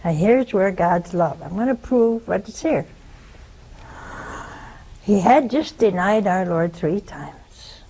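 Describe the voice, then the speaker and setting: A woman's voice: animated, slow, long pauses, dark tone, slightly rough, poor audio. An older woman with a Southern American accent preaching a sermon, telling a story and asking rhetorical questions. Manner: storytelling, rhetorical questions, pitch swings for emphasis.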